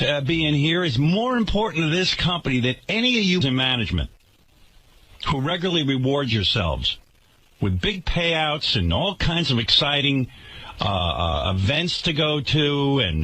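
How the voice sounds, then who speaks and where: Ranting, husky-voiced man hosting radio. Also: fairly high pitch, sharp tone. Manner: ranting, sarcastic, indignant. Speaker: radio show host. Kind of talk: radio talk show rant.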